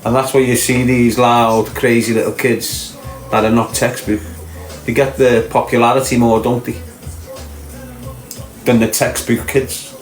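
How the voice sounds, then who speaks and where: The host of this podcast is a man with a Liverpool accent, chatting casually in a flat, mid-range voice that runs a little slow with frequent pauses. He rambles and tosses in rhetorical questions, recorded in an echoey room with faint music.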